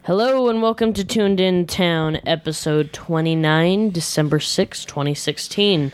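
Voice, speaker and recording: A woman hosting a casual chat podcast with friends, upbeat and quick to tease. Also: fairly low pitch, smooth, no room sound, faint music behind. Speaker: podcast host.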